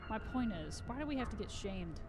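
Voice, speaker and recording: A young adult streamer chatting casually and excitably while playing a horror game, swearing and yelping at scares. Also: mid-range voice, brisk, noisy background. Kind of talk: casual live gameplay chat. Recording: loud game sounds under the voice.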